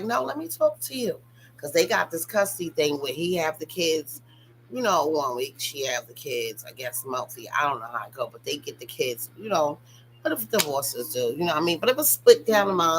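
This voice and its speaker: A woman's voice: sits low, fairly bright tone, a little hiss or hum, poor audio. A young woman giving casual, profane reality-TV gossip commentary, talking straight to her viewers. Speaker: commentary channel host.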